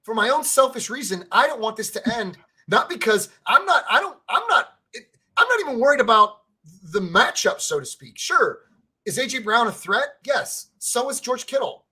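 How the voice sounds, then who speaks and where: A man's voice: very high-pitched, very animated, normal speed, bright, forceful tone, slightly rough. A man co-hosting a podcast in casual sports fan chat, rambling, stammering over his words and swearing freely. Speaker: podcast co-host.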